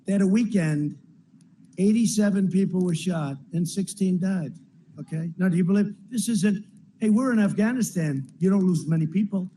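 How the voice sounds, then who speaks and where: Male politician at a rally, higher voice than most men, talks in loose repetitive riffs and turns to the crowd often. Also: normal speed, warm tone, a little hiss or hum, low-quality recording. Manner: rambling, repetitive, with asides to the crowd. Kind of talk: campaign rally speech. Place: large rally venue.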